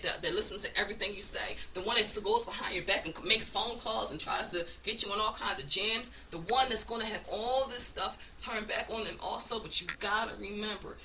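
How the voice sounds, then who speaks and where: A woman's voice: mid-range voice, bright, forceful tone, distant mic, a little hiss or hum. A woman giving a casual oracle card reading, blunt and profane, with frequent laughs. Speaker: spiritual card reader.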